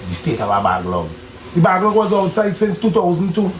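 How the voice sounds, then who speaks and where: Guy lecturing earnestly, kinda high voice, faint hiss behind. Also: sing-song, brisk, roomy sound. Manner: earnest, preachy advice. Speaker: interviewee. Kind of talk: street interview.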